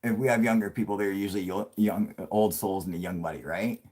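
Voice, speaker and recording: Man, late thirties, deep voice, crude rambling live-stream chatter, laughs a lot. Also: fairly even intonation, a little fast. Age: 30s. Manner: crude, profanity-heavy rambling with frequent laughs; puts on a yelling grumpy old man for jokes. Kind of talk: casual live-stream chat.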